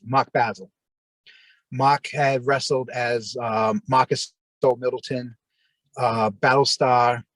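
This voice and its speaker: A man telling long personal stories in a rambling, halting way, full of restarts. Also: medium pitch, no echo. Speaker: interview guest. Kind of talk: casual storytelling.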